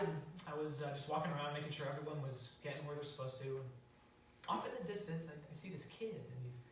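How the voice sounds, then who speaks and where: Here a young man's slightly high, somewhat bright voice carries a casual sermon story, complete with fillers and false starts. Recorded from far off in a very echoey sanctuary, the audio has a faint hiss or hum.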